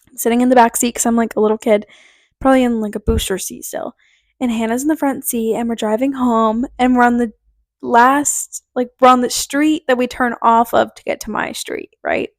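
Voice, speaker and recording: A young woman in her twenties chats her way through rambling stories, dropping "like" often and acting out quotes. Her voice sits high. It is recorded dry and close on a podcast mic. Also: fairly even intonation, fairly quick, dry recording. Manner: chatty, rambling, full of "like" and quoted dialogue. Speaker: podcast host. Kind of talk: casual storytelling monologue.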